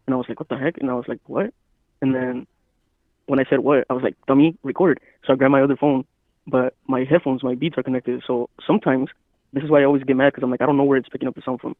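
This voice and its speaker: Fast-talking man on a tinny phone line. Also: medium pitch, level tone, no echo. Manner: rambling, quotes himself often. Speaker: podcast guest. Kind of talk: casual storytelling chat. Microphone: phone call.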